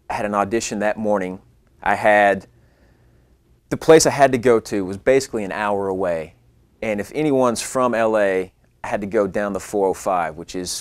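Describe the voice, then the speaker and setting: A young man with a lowish voice tells a story about himself and lets it get animated, jumping up in pitch when he quotes his own panicked lines. The sound is dry and close to the mic. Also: no room sound. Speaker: actor. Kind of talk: casual storytelling. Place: California.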